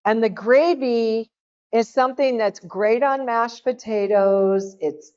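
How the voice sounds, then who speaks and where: A middle-aged woman from Oklahoma talks an audience through a recipe in an easy, folksy way, checking in with them often. She speaks slowly and unhurried. The sound is dull and a bit lo-fi. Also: on the high side, darkish tone, clear, resonant tone. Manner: chatty, folksy, addresses the audience directly. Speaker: cooking demonstrator at a health seminar. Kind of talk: casual cooking talk to an audience.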